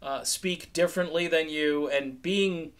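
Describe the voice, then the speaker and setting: A middle-aged man from New England with a fairly high voice talks through music news in a relaxed, chatty commentary. He keeps it animated and conversational, now and then dropping into quoted voices. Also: unhurried, clean tone. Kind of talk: casual commentary vlog.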